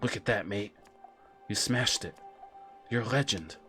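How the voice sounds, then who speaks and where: Man doing a game bard, put-on Australian accent, chatty, folksy, soft, faint music behind. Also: lowish voice, a little slow. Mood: chummy. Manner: friendly, folksy storytelling. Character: chatty wandering male bard seeking song material.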